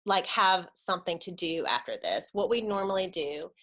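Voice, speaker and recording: A woman's voice: fairly low pitch, animated, normal speed, bright, forceful tone. Thirties woman, conversational church speaker, earnest and direct with her listeners. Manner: earnest, conversational, addresses audience as guys and y'all. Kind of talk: informal church talk, webinar.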